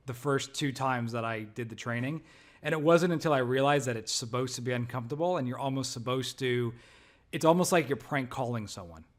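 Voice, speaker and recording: Halting, reflective man. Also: medium pitch. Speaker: sales trainee. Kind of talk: casual conversation.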